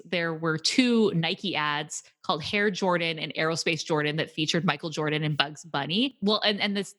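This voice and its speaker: A woman's voice: fairly low pitch, fairly bright tone. A woman co-host on a film review podcast, talking casually through the plot. She keeps slipping into little acted-out quotes from the characters as she retells scenes.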